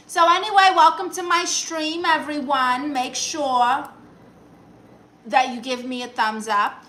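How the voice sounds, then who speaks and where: A woman's voice: a little high, sharp tone, slight background noise, rough recording. A woman streaming live in a comic aunt persona, reading chat messages aloud and firing back sassy, dry comebacks.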